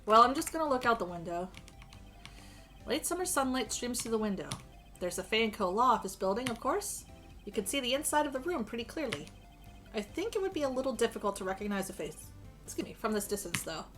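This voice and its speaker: A woman's voice: on the high side, big pitch swings, brisk, fairly bright tone, soft background music. A woman streaming a game, reading the dialogue aloud with joking, crude asides and a strained voice.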